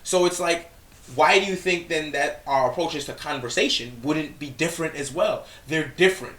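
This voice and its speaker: A man's voice: a little high, normal speed, fairly bright tone, distant mic. A man co-hosting a reaction video, giving blunt, profane commentary in casual chat. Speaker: reaction channel co-host. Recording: echoey room, off-mic.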